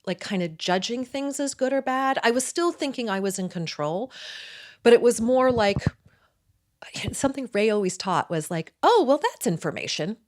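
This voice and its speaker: A woman in her forties, a midwife and acupuncturist, excitedly telling her own story as a guest in a conversation. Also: a little high, moderate pace. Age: 40s. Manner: excitable and talkative.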